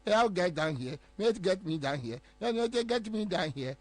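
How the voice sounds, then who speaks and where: A man's voice: high-pitched, lively intonation, normal speed, dry recording. A man mimicking someone who puts on foreign-sounding English, drawn out and exaggerated. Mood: mocking.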